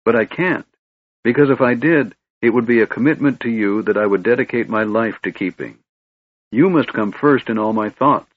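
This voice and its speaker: A man voicing a big, devoted young male warrior who talks earnestly and pleadingly, in a husky voice. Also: medium pitch, moderate pace, no echo, narrow, tinny audio, lightly acted.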